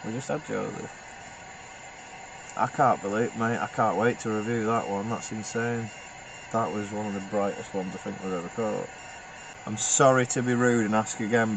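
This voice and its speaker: Ghost hunter, lowish voice, joking and chatty, noisy camera-mic recording. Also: male voice. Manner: jokey, laughs often, asks the spirits direct questions. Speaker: paranormal investigator. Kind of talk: casual investigation chatter. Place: inside a car at night.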